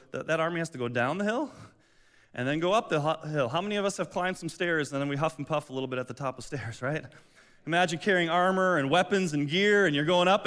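High-voiced man preaching an animated sermon. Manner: animated storytelling, acts out voices, many restarts. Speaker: pastor.

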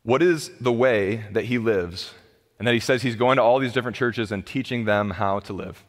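Pastor, man, 30s, mid-pitched, impassioned sermon delivery, big swings between loud and hushed, recorded with a long church-hall reverb. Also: normal speed. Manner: impassioned, swings between loud pleading and low quiet emphasis.

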